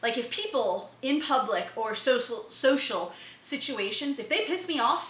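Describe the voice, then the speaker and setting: A young woman vlogging, telling a story in a blunt, profane, quick-tempered way. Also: fairly high pitch, lively intonation. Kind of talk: casual storytelling to camera. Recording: dull echoey room recording with faint hum.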